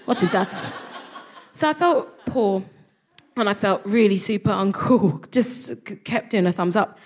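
A woman's voice: medium pitch, a little slow, slight background noise. A woman from London with a London accent, performing a stand-up comedy set and telling a story with lots of acted-out voices. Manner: animated storytelling, acts out quoted voices. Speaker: comedian co-host. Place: live theatre with audience.

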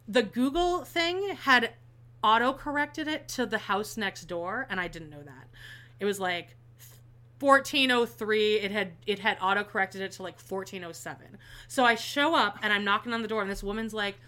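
Bright, animated woman telling a story. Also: medium pitch, normal speed. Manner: animated, acts out quotes, swears freely. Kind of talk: casual chat.

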